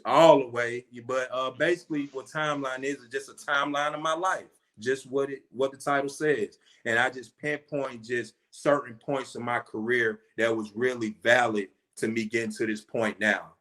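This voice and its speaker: Earnest heartfelt rapper from Atlanta. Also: male voice, medium pitch, fairly bright tone. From Atlanta, USA. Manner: earnest, heartfelt, peppered with "man" and "you know". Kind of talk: interview guest telling a story.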